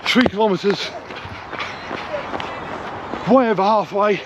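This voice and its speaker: A man's voice: sits high, takes it slowly, noisy background. A man talking to camera while running outdoors, out of breath and giving running updates. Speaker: running vlogger. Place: outdoors on a run.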